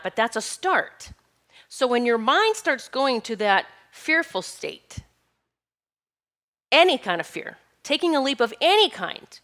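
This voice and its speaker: A woman's voice: a little high, sharp tone. A middle-aged woman giving an earnest, encouraging spiritual talk with emphatic, repeated phrases. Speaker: spiritual teacher.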